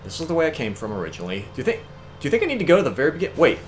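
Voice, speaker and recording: A man's voice: on the high side, wildly swooping pitch, rapid-fire, slight background noise. A young man co-hosting a let's play, chatting casually and wryly, often exasperated and laughing. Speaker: co-host. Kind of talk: casual gameplay chat.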